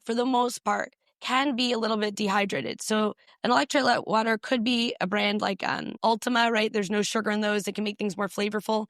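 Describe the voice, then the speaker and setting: Woman doctor giving brisk, numbered health tips. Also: mid-range voice, a bit bright, no room sound, clean studio sound. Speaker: physician guest. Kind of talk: podcast interview.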